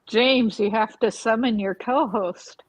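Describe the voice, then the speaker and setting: Unhurried chatty woman on a livestream. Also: on the high side, low-quality recording. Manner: chatty, laughs easily. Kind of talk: casual late-night livestream chat.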